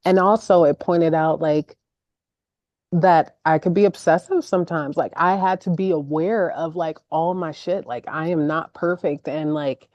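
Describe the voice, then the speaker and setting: A woman's voice: low voice, unhurried, a little mellow, no echo. Candid woman guest, dry muffled sound. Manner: candid, says "like" a lot. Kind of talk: casual conversation.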